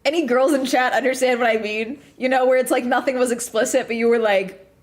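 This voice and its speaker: A young adult woman streaming and chatting casually, telling stories in a profane, animated way with many restarts. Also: a little high, fairly quick. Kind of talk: casual livestream chat.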